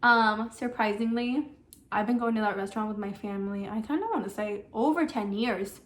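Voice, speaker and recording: A woman's voice: medium pitch, brisk, slight background noise. A young woman chatting casually in her home kitchen as she hosts a cooking vlog, often drifting off on tangents. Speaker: vlogger.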